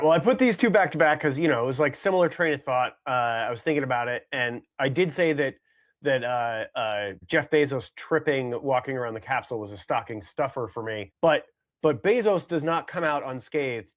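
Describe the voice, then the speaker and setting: Guy cohosting a podcast, rambly, lots of likes and you knows, mid pitch. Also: lively intonation, a little fast. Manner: rambling, many fillers and restarts. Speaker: podcast co-host. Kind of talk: casual podcast banter.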